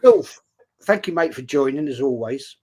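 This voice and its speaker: A man with a London accent hosting a casual football livestream, reading out viewer comments and giving shout-outs. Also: mid-range voice, moderate pace, slight background noise. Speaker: host.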